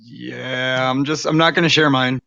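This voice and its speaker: A man's voice: medium pitch, steady tone, normal speed, gravelly, pushed and bright, dry recording, muffled recording. A man co-commenting a live sim racing broadcast, laid-back and joking. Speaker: race co-commentator.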